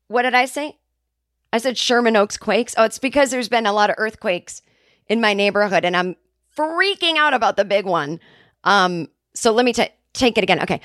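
A woman's voice: on the high side, lively intonation, a little fast, fairly bright tone, no room sound, clean studio sound. A woman hosting a comedy podcast, rambling and self-interrupting through a sarcastic solo monologue. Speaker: podcast host.

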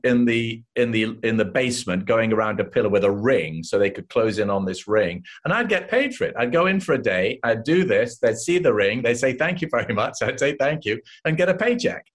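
Lively English man telling stories. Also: medium pitch. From England. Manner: lively anecdotes, quoting others with voices. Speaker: actor guest. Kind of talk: casual interview storytelling.

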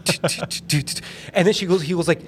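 A young man hosting a casual comedy podcast, retelling a movie in a rambling, animated way and slipping into silly voices. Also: fairly high pitch, fast, a little hiss or hum. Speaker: podcast host.

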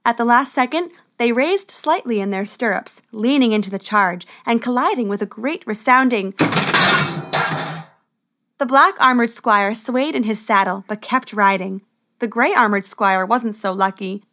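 A woman narrating a children's fantasy story with an expressive, lively read. Her voice sits fairly high and clear. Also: a little slow, noisy background.

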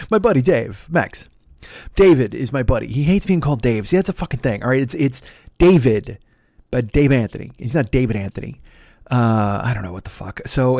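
A man's voice: fairly high pitch, a little mellow, dry recording, studio quality. A man hosting a solo podcast, talking in a casual, rambling, heavily profane way with frequent stumbling restarts. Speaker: podcast host.

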